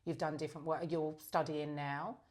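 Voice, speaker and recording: A woman's voice: sits low, flat delivery, normal speed, darkish tone. A middle-aged woman co-hosting a casual podcast chat, chatty and asking probing questions. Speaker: podcast co-host.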